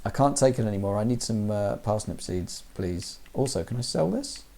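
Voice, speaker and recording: A man's voice: fairly low pitch, expressive, moderate pace, gravelly, mellow. A man doing jokey, chatty let's-play commentary as a gaming streamer. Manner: jokey, chatty, mild slang.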